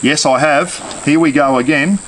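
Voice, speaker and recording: A man's voice: a little high, measured pace, background noise. A man with an Australian accent hosting a casual cooking demonstration, chatting straight to his viewers as he cooks outdoors. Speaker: cooking channel host.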